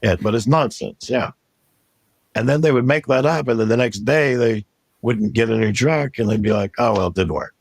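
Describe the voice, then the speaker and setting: A man's voice: mid-range voice, normal speed, vocal fry, no room sound. A man telling his past story in an interview, blunt and matter-of-fact.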